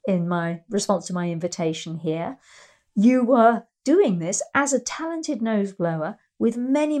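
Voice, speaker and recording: A woman's voice: medium pitch, a little mellow. Middle-aged lady riding coach explaining stuff, tells stories as she goes. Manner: explanatory, storytelling, acts out quoted voices. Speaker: riding teacher. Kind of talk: instructional talk with anecdotes.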